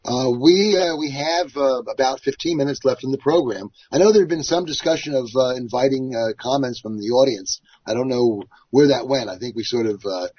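A North American man on an online panel, speaking haltingly with many hesitations. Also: medium pitch, breathy edge, no echo. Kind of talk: casual online panel talk. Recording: dry, muffled online audio.

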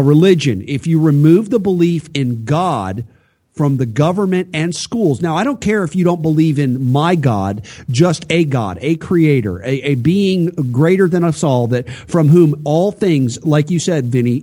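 A man's voice: fairly high pitch, lively intonation, unhurried, warm tone, breathy edge. A man co-hosting a political talk show, lecturing in a preachy way with rhetorical questions. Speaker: podcast co-host.

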